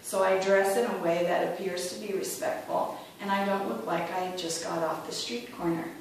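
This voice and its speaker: A woman's voice: medium pitch, fairly even intonation, moderate pace. A middle-aged woman talks to a club audience in a chatty way and acts out other people's voices when she quotes them. She sounds distant and very echoey, as if recorded from the back of a big room. A faint noise sits behind her. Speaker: club speaker. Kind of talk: prepared club speech.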